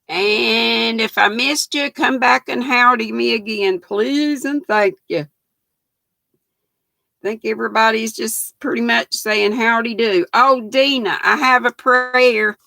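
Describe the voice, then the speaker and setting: Gravelly older woman chatting. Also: fairly high pitch, pushed and bright, no room sound. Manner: folksy, greets viewers by name. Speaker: livestream host. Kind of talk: casual livestream chat.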